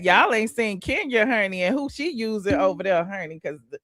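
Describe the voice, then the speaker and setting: A woman's voice: mid-range voice, lively intonation, moderate pace, a bit bright, no echo. A woman hosting a casual celebrity gossip livestream, sassy and chatty, calling the audience honey and child, humming mm-hmm and laughing between points.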